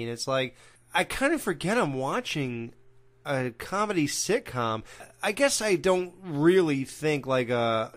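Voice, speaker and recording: A podcast co-host talks through a sitcom episode in a loose, rambling way. He laughs often, speaks casually to his listeners, and his voice sits at an average male pitch.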